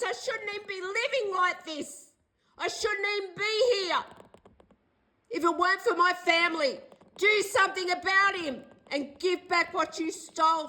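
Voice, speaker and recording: A woman's voice: high-pitched, pushed and bright, poor audio. An older Australian woman in a distressed direct-to-camera video, pleading and accusing in an agitated way and repeating herself. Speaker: vlogger.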